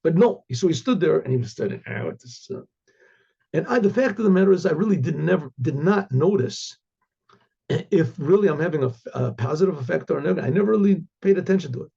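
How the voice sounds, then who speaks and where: Gravelly, husky rabbi telling a rambling story. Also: male voice, fairly high pitch, expressive, fast talker, warm tone. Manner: rambling, many fillers and restarts, frequent throat clearing. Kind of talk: casual spoken storytelling. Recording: muffled lo-fi recording.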